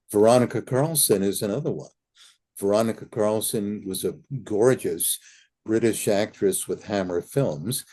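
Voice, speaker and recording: A man's voice: fairly low pitch, dark tone. An older man, an interview guest, earnestly telling anecdotes and acting out remembered conversations. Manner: earnest storyteller who acts out remembered dialogue. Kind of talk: reminiscing anecdotes.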